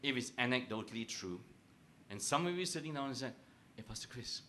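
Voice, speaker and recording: Lively, joking pastor. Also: male voice, mid-range voice, a little fast, slight background noise. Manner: joking, teasing, animated, asks the crowd questions. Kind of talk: humorous sermon to a camp audience.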